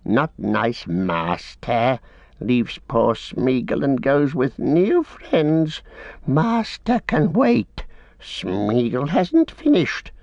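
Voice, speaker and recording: A man voicing a slimy, greedy, suspicious creature that hisses and wheedles, with wild leaps in pitch. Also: sing-song, drawn-out words, vocal fry, darkish tone, no room sound, lo-fi sound, heavily acted. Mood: wheedling. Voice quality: hissing, wheedling, erratic swoops.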